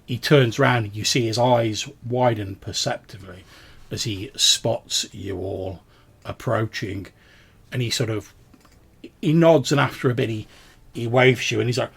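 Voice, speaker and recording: A man running a tabletop game as game master, his voice gravelly and a little husky. He describes scenes in a loose, rambling way, full of "sort of" and "like". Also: fairly low pitch, normal speed, a bit bright.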